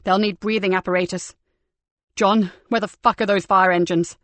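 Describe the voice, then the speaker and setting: A woman's voice: fairly high pitch, moderate pace, a little mellow, no room sound, natural voice. A woman narrator voicing a brave, exhausted male police detective in an audiobook, commanding and breathless. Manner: commanding, then weak and breathless.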